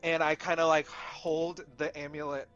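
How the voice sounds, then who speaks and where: A woman's voice: low-pitched, normal speed, clean tone, dull audio, faint music behind. A woman playing her character in a tabletop game, talking hesitantly with many fillers. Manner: hesitant, lots of fillers, animated. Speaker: player.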